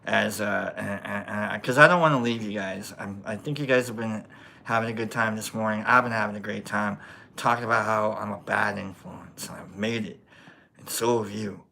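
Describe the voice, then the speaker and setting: With a Nebraska accent, the host of a mushroom-growing livestream talks at a moderate pace in a fairly low, gravelly voice that's steady yet sharp. There's slight background noise. He chats casually and rambles, making self-deprecating jokes and often sinking into a mumble.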